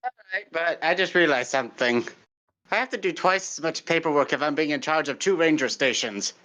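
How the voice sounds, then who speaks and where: A man playing in a tabletop game, talking deadpan and bossy. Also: a little high, fairly quick. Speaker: player.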